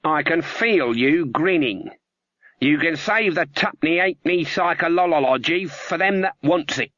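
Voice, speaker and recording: A proud old witch woman, snappish and scornful, with the voice pushed high above the reader's own, as a man puts her on. She bristles at every remark. The sound is dull and dry. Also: animated, unhurried, fairly bright tone, no echo. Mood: curt.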